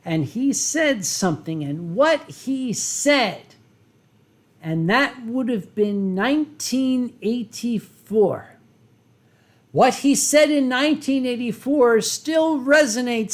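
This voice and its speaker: Drinking wine as he chats with his live-stream audience, this fifty-something host takes his time with a slow drawl. Profanity and rambling fill his talk, punctuated by dramatic pauses and shifts from booming to hushed.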